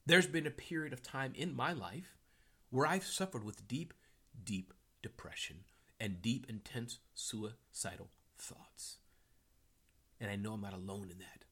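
A man hosting a live motivational talk and reading chat comments aloud. He repeats his key phrases and swings from hushed whispers to loud, fired-up bursts. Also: mid-range voice, breathy edge. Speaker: live-stream host.

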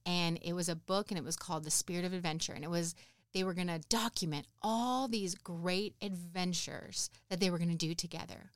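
Woman podcast host, thirties, earnest and encouraging, rambling reflective talk, smooth clear voice, dry close sound. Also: lowish voice, a little fast, no echo.

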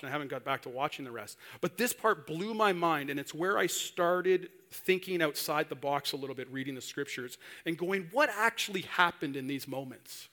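A man's voice: a little high, fairly bright tone. A male preacher giving a sermon, telling a story animatedly and acting out the voices of the people in it.

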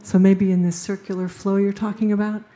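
A woman's voice: medium pitch, level tone, brisk, mellow. A woman speaking casually and spontaneously as a panel participant, laughing often between phrases.

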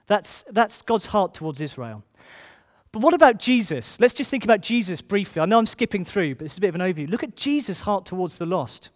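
Earnest high-voiced man preaching. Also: lively intonation. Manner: earnest, repeats key phrases; reads scripture slowly, then speeds into asides. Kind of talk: sermon.

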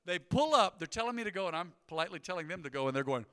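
A man preaching a sermon as pastor, energetic and conversational, with casual asides. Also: high voice, very fast, smooth, long reverb tail. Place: church sanctuary.

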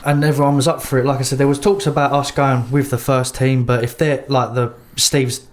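A man's voice: medium pitch, flat delivery, a little fast. A man, a local football team manager, answering interview questions in loose, rambling sentences with many restarts.

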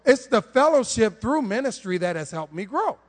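A man preaching a conversational sermon to his church, animated and humorous, full of rhetorical questions. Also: high-pitched, normal speed. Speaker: preacher on the worship team. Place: church sanctuary. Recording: long reverb of a church hall.

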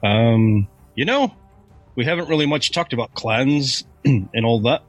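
A man playing a dwarf in a tabletop game, answering the host in a relaxed way. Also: medium pitch, unhurried, no room sound, muffled recording, faint music behind. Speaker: tabletop player.

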